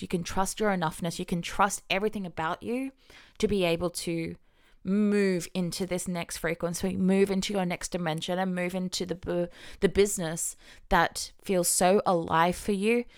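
A woman's voice: mid-range voice, vocal fry, smooth. A woman hosting a podcast, talking alone to her listeners in a casual, emphatic way, swearing freely and acting out inner voices in quotes. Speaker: podcast host, business coach. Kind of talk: solo podcast monologue.

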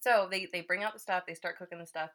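A young woman telling a story in casual chat, animated and laughing often, acting out her own thoughts. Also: on the low side, fast.

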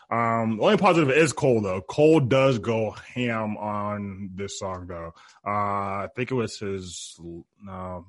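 A man's voice: lowish voice, no echo, clean studio sound. A man co-hosting a podcast, giving a blunt, dismissive critique with many ums in a casual music review chat. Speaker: podcast co-host.

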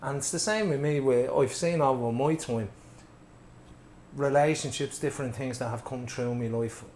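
A man's voice: mid-range voice, normal speed, darkish tone. A man speaking as a podcast guest, reflecting in a casual way with some swearing. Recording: echoey room with faint noise.

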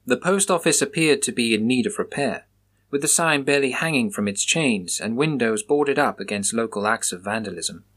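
A man narrating a story in a steady, dramatic reading. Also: medium pitch, normal speed.

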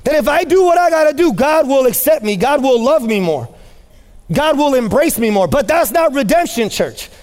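High-voiced preaching man in a reverberant hall. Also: lively intonation, normal speed. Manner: impassioned preaching, rising to shouts, repeats phrases for emphasis. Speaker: pastor. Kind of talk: sermon.

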